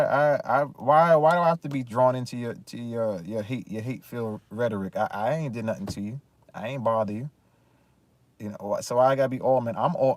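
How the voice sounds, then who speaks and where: There's no echo on this medium-pitched man's voice. A commentary vlogger, he rants casually about his opinions, hammering points emphatically, repeating phrases, and restarting often.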